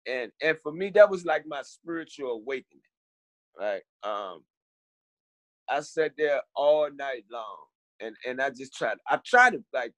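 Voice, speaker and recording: A middle-aged man from Richmond, a podcast guest telling his story in a halting way, repeating words and acting out the people he quotes. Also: medium pitch, expressive, fairly bright tone, no room sound. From Richmond, Virginia. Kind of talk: storytelling interview.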